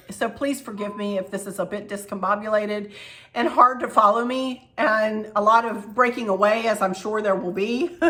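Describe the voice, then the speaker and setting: A woman's voice: mid-range voice, a bit bright. A middle-aged woman, chatting casually to camera as a channel host, rambling and effusive.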